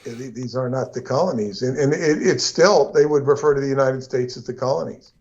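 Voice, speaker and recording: A man co-hosts a casual livestream talk and rambles with restarts and asides. His voice sits at an ordinary middle pitch. The audio is dull and lo-fi. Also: a little fast. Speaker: co-host.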